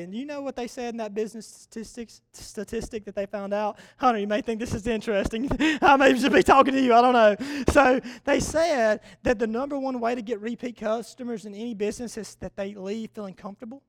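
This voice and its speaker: High-voiced young preacher man. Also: brisk, few pauses, dry recording. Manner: animated storytelling, repeats key words for emphasis. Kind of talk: sermon.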